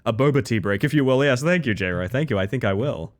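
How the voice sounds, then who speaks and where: A man's voice: mid-range voice, expressive, quick pace. A young man chatting casually and playfully with his audience during a game stream, joking about himself and laughing often. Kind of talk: casual gaming stream chat.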